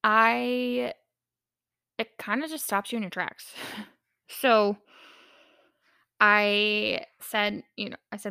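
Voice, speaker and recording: Gravelly, bright-voiced young woman podcaster. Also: mid-range voice, level tone, slow, pauses often, no echo, clean studio sound. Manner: candid and chatty, frequent fillers and swearing. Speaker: podcast host. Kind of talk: casual personal podcast monologue.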